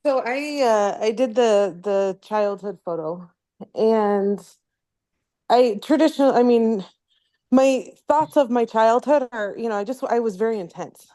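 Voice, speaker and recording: Mellow higher-voiced woman on a group call. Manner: halting, searching for words. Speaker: group member sharing. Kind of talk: personal sharing on a group call.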